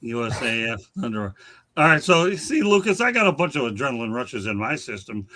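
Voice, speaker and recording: A man's voice: medium pitch, big pitch swings, brisk, bright, forceful tone, rough recording. A man hosting a casual talk show, boisterous and folksy, telling stories. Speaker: host. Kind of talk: casual radio chat.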